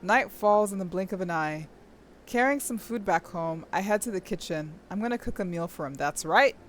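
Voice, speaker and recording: A young woman streaming, reading a game's story aloud and breaking off into gushing, excitable commentary with squeals and laughter. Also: medium pitch, brisk, soft background music.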